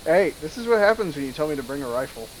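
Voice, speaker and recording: A man's voice: fairly high pitch, quick pace. Chill guy guest on a game stream, lots of ums, hissy noisy mic. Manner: relaxed, laughs easily, many fillers. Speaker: guest player. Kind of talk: casual gameplay chat. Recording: hissy mic with background noise.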